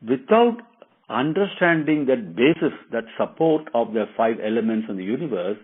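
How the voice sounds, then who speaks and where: Man, devotional storyteller, husky voice, tinny phone-like recording. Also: mid-range voice, animated, moderate pace. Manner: earnest, digressive with fillers.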